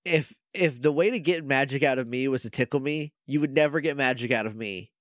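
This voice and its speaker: A man's voice: medium pitch, fairly quick, no echo, clean studio sound. A man co-hosting a casual podcast, recapping a show with jokes and acting out scenes in silly voices. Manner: animated, jokey, acts out scenes in silly voices. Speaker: podcast co-host.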